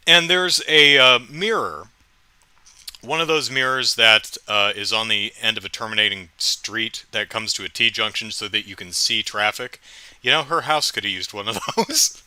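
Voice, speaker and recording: A man's voice: medium pitch, normal speed, sharp tone, smooth, no echo. A man hosting a casual solo podcast, recapping with wry, amused storytelling into a close mic. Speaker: podcast host.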